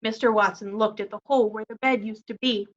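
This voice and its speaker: A woman teacher reading a children's story aloud in a clear, expressive way. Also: medium pitch, a little fast. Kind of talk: children's read-aloud narration. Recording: dull lo-fi recording.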